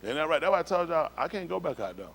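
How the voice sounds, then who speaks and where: A man's voice: on the high side, very animated, very fast, vocal fry, a bit bright. A man giving an emphatic personal testimony to a congregation during a synagogue livestream, repeating himself and talking plainly in street slang. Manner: emphatic, repetitive, street-talk storytelling.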